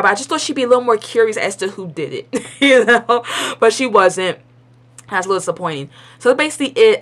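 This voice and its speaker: A woman's voice: medium pitch, fairly bright tone. Chatty young woman giving blunt opinions. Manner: chatty and rambling, full of "like" and restarts; blunt and opinionated, with colloquial grammar. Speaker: vlogger reviewing a TV episode. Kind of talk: casual spoken review.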